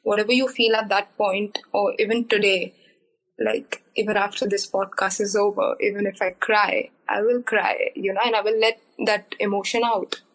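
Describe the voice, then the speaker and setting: A woman's voice: medium pitch, little pitch movement, moderate pace, rough recording. A young woman, a podcast guest, speaking candidly and earnestly with many fillers. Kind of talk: podcast interview.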